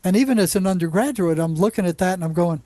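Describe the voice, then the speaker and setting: A man who worked as a psychologist on a psychiatric unit, telling animated anecdotes in a casual interview with lots of restarts. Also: sits high, fast, dry recording.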